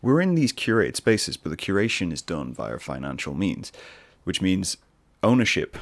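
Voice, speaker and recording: A man's voice: low-pitched, big pitch swings, normal speed, gravelly, dry recording. A man hosting his own podcast, talking casually on his own in a rambling, musing way with self-mocking asides. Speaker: podcast host. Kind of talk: casual solo podcast monologue.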